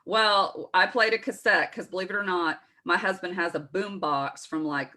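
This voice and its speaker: A woman's voice: fairly low pitch, moderate pace, bright, forceful tone. A woman in her forties with a Texas accent, co-hosting a casual morning show and telling rambling stories with self-correcting asides. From Southern United States. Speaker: co-host.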